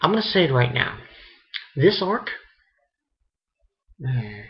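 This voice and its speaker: A man giving a casual, halting spoken review of a comic chapter, often restarting his sentences. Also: medium pitch, sing-song, lo-fi sound. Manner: rambling, halting commentary with restarts. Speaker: manga reviewer.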